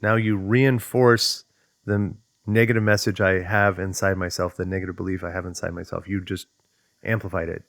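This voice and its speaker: Low-voiced man, thoughtful and dry. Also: little pitch movement, normal speed, gravelly, a bit bright, no echo. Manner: thoughtful, conversational, digs into questions aloud; acts out inner voices in quotes. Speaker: self-development teacher. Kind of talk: reflective explanatory monologue.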